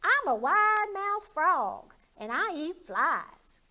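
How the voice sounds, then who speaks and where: A woman voicing a cheery, boastful little male frog in a storybook read-aloud, with a loud, high, sing-song delivery. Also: big pitch swings, takes it slowly, exaggerated voice.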